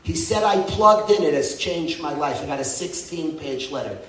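A middle-aged man heading a yeshiva gives an impassioned speech to a crowd, swinging from loud outbursts to hushed words. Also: fairly high pitch, lively intonation, moderate pace, recorded from a distance. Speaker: yeshiva head. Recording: echoey hall, mic from afar.

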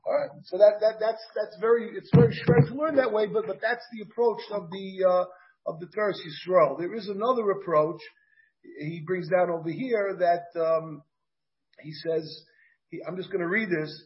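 In a dull, muffled class recording, a man teaches a Talmud class, thinking aloud and putting questions to his students. He has a high-pitched voice at a moderate pace, and his American English carries a Yiddish-Hebrew pronunciation.

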